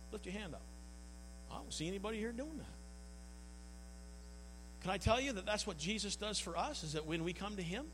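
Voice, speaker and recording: A pastor preaches an earnest, folksy sermon in a church hall, often stumbling and repeating words. His voice sits high and a bit bright, and the recording carries long hall reverb and mains hum.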